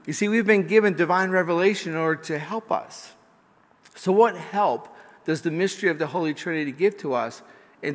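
A man preaching a sermon in a slightly higher voice, mixing relaxed anecdotes with rising, emphatic passages. The voice carries a long, echoing reverb of a large church hall. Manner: storytelling with jokes, rising to fervent emphasis. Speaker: priest.

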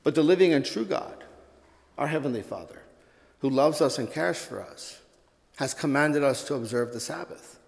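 A man's voice: fairly high pitch, animated, moderate pace, creaky. Man preaching in an echoing church. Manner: storytelling a joke, then earnest preaching. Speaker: pastor. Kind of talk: sermon.

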